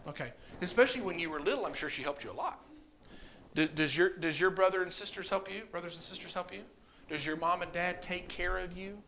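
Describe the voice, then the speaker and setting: A man's voice: sits high, brisk, sharp tone, slight background noise. A man teaching a children's communion class, coaxing answers with repeated questions. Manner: coaxing, asks questions over and over. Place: church classroom.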